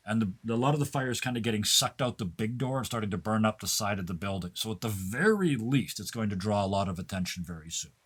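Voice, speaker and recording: A man's voice: fairly low pitch, a bit bright, slightly rough. A man as game master, narrating a tabletop game with vivid, descriptive detail.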